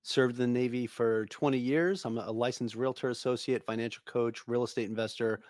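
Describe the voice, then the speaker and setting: A man talks as a podcast guest. He is friendly and easygoing, repeating words as he thinks aloud. His middle-pitched voice is recorded close and dry, with no room sound. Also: steady tone, a little fast, darkish tone, no room sound. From Long Island, New York. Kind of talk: casual interview chat.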